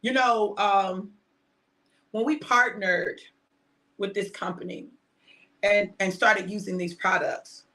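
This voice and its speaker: A middle-aged woman preaching informally to her online audience, shouting and emphatic at times, then reflective and personal. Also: mid-range voice, fairly even intonation, slow, long pauses. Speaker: preacher and host.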